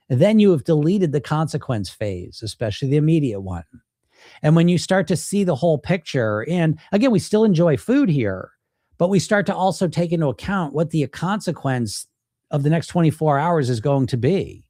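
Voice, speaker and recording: An animated man coaching weight loss, talking straight at the listener with blunt, casual swearing. He drops into quoted voices to act out inner self-talk. His voice sits a little high for a man and sounds dry and close, with no room echo. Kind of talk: direct-to-camera coaching talk.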